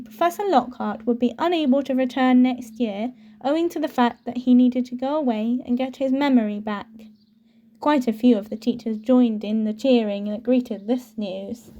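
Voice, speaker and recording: A woman reading a novel aloud with steady, clear storytelling. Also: on the high side, normal speed. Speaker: audiobook reader.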